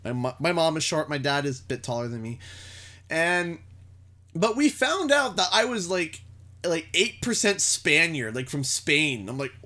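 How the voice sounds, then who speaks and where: A man's voice: a little high, sing-song, moderate pace, pushed and bright. A young man from Canada chatting casually and joking with viewers while playing a racing game on a headset mic. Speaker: gaming streamer.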